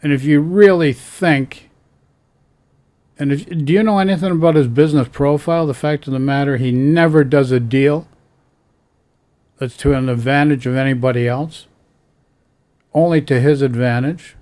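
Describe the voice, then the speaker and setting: A man's voice: medium pitch, moderate pace, long pauses, darkish tone. A man ranting bluntly about politics in an exasperated tone. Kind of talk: casual political rant.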